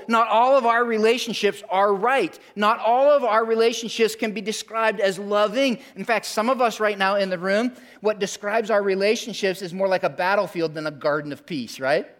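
Pastor guy preaching in church, high voice, keeps asking the room if they're ready. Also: a bit bright. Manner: emphatic, calls for audience response, dramatic pauses. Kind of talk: sermon. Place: church sanctuary.

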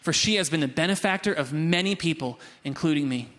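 A young man preaching a sermon to his congregation in a casual storytelling way, with quick asides and acted-out quotes. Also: on the high side, fairly bright tone. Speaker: pastor. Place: church sanctuary before a congregation.

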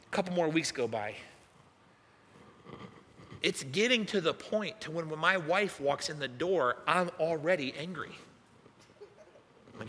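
A young man, a youth pastor, telling a funny personal story in a sermon with animated, self-mocking delivery. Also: on the high side, measured pace, long pauses, husky. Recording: echoey hall reverb.

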